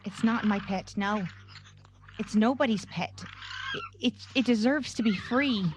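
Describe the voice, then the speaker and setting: A woman playing a tabletop game, speaking in a soft, earnest, pleading manner. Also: fairly high pitch, measured pace, slight background noise. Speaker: player. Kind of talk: tabletop role-play.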